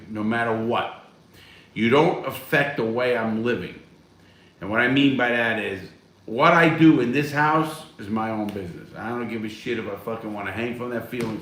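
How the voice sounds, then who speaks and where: A man's voice: on the low side, fairly bright tone, a little hiss or hum. Blunt, swearing man in an echoey room. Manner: blunt, heavy swearing, rambling. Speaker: live-stream host answering viewer chat. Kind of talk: casual live-stream chat. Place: at home, smoking a cigar.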